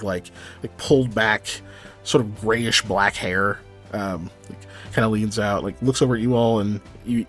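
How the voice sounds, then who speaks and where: A man narrating as game master for a tabletop game, halting with many ums and likes. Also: on the low side, fairly bright tone. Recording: faint background music.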